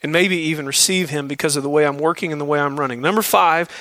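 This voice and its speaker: A man's voice: fairly high pitch, quick pace, pushed and bright, no room sound. A man leading a men's Bible study, preaching in a direct, exhorting way and repeating key phrases. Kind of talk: sermon to a men's group.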